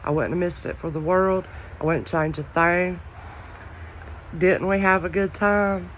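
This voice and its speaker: A woman with a deep Southern drawl chatting casually to her viewers about jewelry she is selling, in a loud, carrying, folksy voice. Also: fairly even intonation, unhurried. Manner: drawling, folksy, says y'all often. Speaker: online jewelry reseller. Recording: outdoor wind noise.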